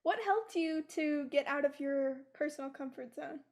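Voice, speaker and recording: A woman's voice: sits high, normal speed, darkish tone. A woman interviewing a guest in a friendly, encouraging way. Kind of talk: casual interview.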